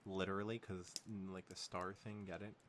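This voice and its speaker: A man's voice: low voice, little pitch movement, normal speed, fairly bright tone, slight background noise. A man co-hosting a fan-fiction podcast who riffs playfully and laughs often while chatting about the story. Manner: playful, giggly, riffing. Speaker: podcast co-host. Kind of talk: casual comedic chat about fan fiction.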